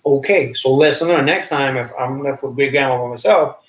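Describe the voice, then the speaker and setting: A man in his thirties telling a story in casual podcast chat, acting out the quoted voices as he goes. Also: fairly quick. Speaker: podcast co-host. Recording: roomy, dull low-fi sound.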